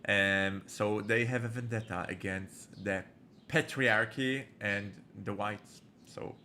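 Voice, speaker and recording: A man's voice: lowish voice, fairly even intonation, pushed and bright, slight background noise. Joking, rambling man playing a game. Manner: joking, rambling, halting restarts. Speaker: game streamer. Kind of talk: let's play commentary.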